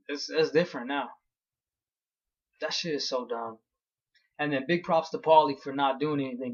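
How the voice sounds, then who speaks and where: A man's voice: on the high side, lo-fi sound. A young man ranting heatedly through a fight recap, blunt and profane. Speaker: vlogger.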